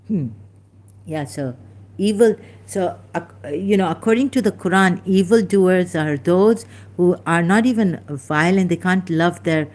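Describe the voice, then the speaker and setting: A woman's voice: on the low side, a little slow, a little mellow. A woman speaking casually to camera, hesitant and searching aloud with many fillers and restarts as she looks up verses. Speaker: ex-Muslim commentator. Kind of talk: casual monologue while looking up verses.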